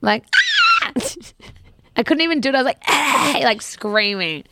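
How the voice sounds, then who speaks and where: A woman's voice: on the high side, big pitch swings, moderate pace, very noisy. A young woman in casual chat, telling stories animatedly and swearing freely.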